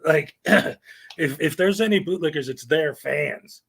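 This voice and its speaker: A middle-aged man talks through a live stream with a voice that sits a little high for a man. He rambles and gives strong opinions, drops fillers and short laughs, and runs his sentences together. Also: a little slow, gravelly, fairly bright tone, husky. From United States.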